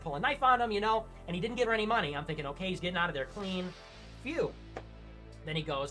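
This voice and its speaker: A man co-hosting a livestream, retelling a stream at length in an animated way and mimicking people in high-pitched voices. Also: quick pace, soft background music. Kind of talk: livestream chat.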